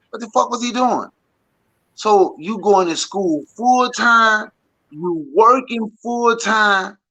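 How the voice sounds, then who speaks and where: A man's voice: sits high, sharp tone, low-quality recording. A man co-hosting a casual chat, reacting with incredulous, mocking disbelief.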